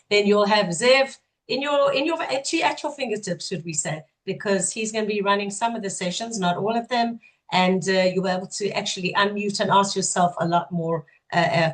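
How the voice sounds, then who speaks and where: A woman's voice: medium pitch, low-quality recording. A woman hosting an online webinar interview, asking questions and thanking guests in an upbeat, enthusiastic way. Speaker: webinar host.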